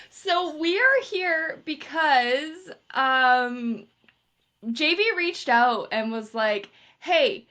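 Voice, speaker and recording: A young woman from Canada talks casually as a podcast co-host, her pitch sitting a little high. She tells stories with energy and acts out what each person said. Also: very slow. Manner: animated storytelling, acts out quoted exchanges. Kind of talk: casual chat.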